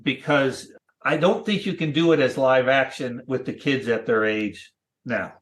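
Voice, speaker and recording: Rambling man in his sixties. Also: mid-range voice. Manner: rambling, thoughtful, halting with many restarts. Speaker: cartoonist guest. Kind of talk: casual interview chat.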